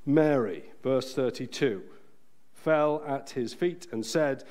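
A man preaching a sermon in a church, earnest and emphatic, slowing down to stress key phrases. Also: medium pitch, darkish tone.

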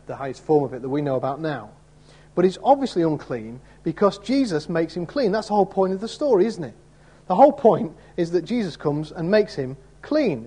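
A man's voice: a little high, mellow, husky. A man preaching an expository sermon in a conversational way, often turning statements into questions for his listeners. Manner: conversational, asks listeners rhetorical tag questions; acts out quoted voices in the story.

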